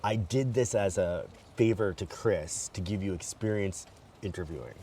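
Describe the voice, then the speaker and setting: A man's voice: low-pitched, normal speed, mellow, recorded from a distance, slight background noise, voice pushed down, close to an everyday voice. A man putting on a blunt male boss with an Irish accent. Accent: Irish (put on).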